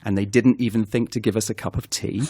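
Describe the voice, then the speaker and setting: A man's voice: fairly low pitch, fairly even intonation, quick pace, warm tone, husky, no echo. A man voicing an old grandmother with a Geordie accent, complaining about her day. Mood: grumbling. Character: grumbling old Newcastle grandmother, a woman.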